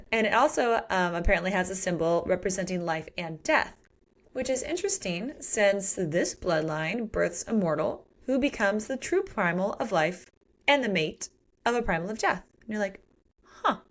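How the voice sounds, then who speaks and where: A woman's voice: mid-range voice, normal speed. A woman co-hosting a book podcast, retelling the plot in casual chat and acting out the characters' lines. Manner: animated retelling with acted-out quotes and swearing. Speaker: podcast co-host.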